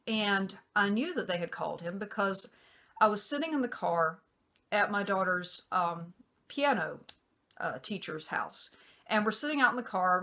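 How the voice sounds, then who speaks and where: A woman's voice: medium pitch, a bit bright. Middle-aged woman, vlogger, casual storytelling, exasperated, rambling, fillers.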